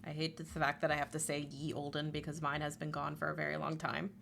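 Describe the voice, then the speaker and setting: A woman's voice: monotone, fast, vocal fry, fairly bright tone, a little hiss or hum. A woman livestreamer in casual chat, talkative, laughing often and swearing freely. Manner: chatty, swears, laughs often, quotes memes in a squeaky voice.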